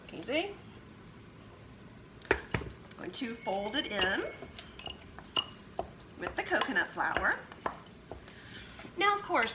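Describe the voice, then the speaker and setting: A woman's voice: fairly high pitch, background noise. A woman hosting a home cooking demonstration, chatting her way through each step as she works in her kitchen. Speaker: cooking show host.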